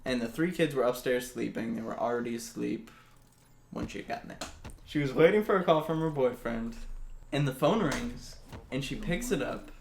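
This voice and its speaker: A man's voice: medium pitch, lively intonation, normal speed, vocal fry. A man casually telling a spooky story, jokey and laughing at his own asides, recorded in an echoey room. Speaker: storyteller host. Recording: echoey room, faint hiss.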